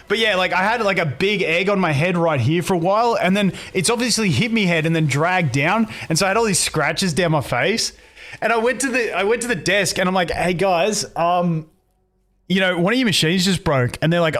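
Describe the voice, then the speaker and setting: High-sitting and a bit bright, a young man's voice moves at normal speed as he chats casually with his stream's viewers. His rambling stories restart often and are packed with swearing.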